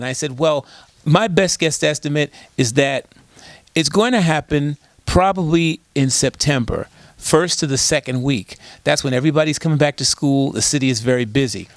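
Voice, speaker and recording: With a voice on the high side and a moderate pace, recorded without echo, this disaster preparedness expert chats as an interview guest, emphasizing his stories and tossing out rhetorical questions.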